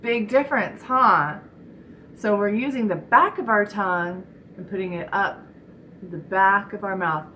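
A woman teaching a children's speech lesson, demonstrating sounds slowly and encouraging the listener. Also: mid-range voice, sharp tone, slight background noise, low-quality recording.

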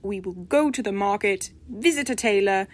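A woman's voice: medium pitch, normal speed, natural voice. A woman voicing the prim, haughty spirit of an old-fashioned lady from a bog body, speaking with formal, peevish diction in a storybook reading. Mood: imperious.

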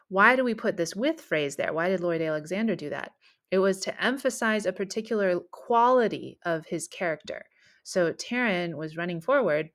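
A woman teaching a writing lesson, explaining sentence patterns in a clear, patient way and reading example sentences aloud. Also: on the low side.

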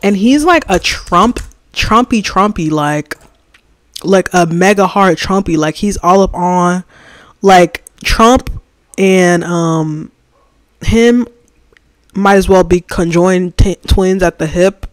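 A livestreamer chatting casually while designing, slangy and animated, reading and answering the chat and ranting about opinions. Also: mid-range voice, slow, no echo, studio quality.

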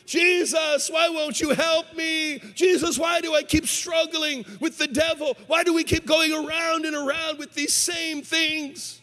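Preacher voicing a high, whiny, desperate man in a sermon parable, echoing hall. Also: little pitch movement, a little slow, hardly any pauses, exaggerated voice. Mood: wailing. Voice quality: high, pleading, shouting. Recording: long hall reverb.

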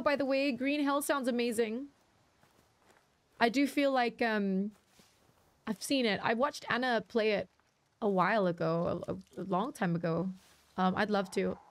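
A woman live-streaming a co-op survival game, chatting with viewers and teammates and reacting loudly when startled. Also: fairly high pitch, normal speed, long pauses. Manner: chatty, talks to viewers, jumpy loud reactions. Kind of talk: live co-op gameplay chat.

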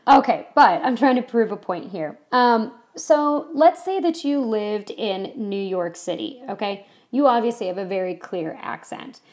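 A woman's voice: medium pitch, animated, a little slow, hardly any pauses, a little mellow. A woman from California giving a casual history lecture to a class, chatty and full of ums and you-knows. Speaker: history teacher.

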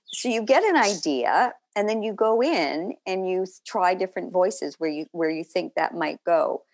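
A woman speaking in a slightly low voice tells stories about her acting work. She talks in a lively, animated way, with laughing asides. It is relaxed interview chat. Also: moderate pace, slight background noise. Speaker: guest actor.

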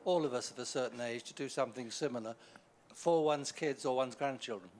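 A man's voice: mid-range voice, brisk, a little mellow, a little hiss or hum. An older male audience member asking a courteous, thoughtful question.

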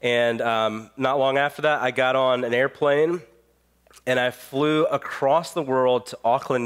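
Male pastor, 30s, mid-pitched, fighting a cold; relaxed storytelling sermon with plenty of fillers. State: has a cold. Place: church sanctuary.

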